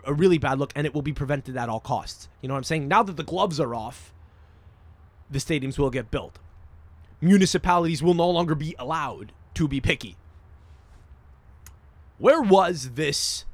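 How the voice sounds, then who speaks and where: A man hosting a solo podcast, rambling, profane and excitable, jumping between topics and often checking in with "you understand?". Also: on the high side, no room sound. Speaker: podcast host.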